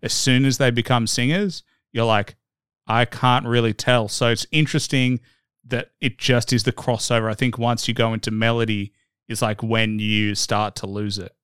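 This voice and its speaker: Aussie guy hosting a podcast, smooth clean voice, dry sound, lots of um and like. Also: medium pitch, flat delivery, normal speed, a bit bright, no room sound. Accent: Australian. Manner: upbeat, rambling with many fillers. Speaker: podcast host. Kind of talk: casual interview chat.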